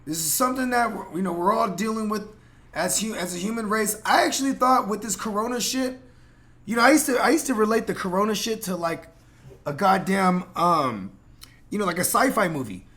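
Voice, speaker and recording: The voice sits high, expressive and brisk, with a bright, forceful tone. It belongs to a San Jose, California podcast host whose casual chat is rambling, profane, and heated, with lots of fillers and restarts.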